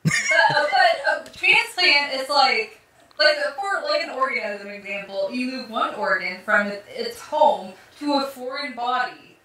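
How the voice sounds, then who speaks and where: High playful woman in an echoey room. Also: animated, measured pace, sharp tone. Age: 30s. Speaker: podcast co-host. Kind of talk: casual movie-review chat. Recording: very echoey room, far from mic.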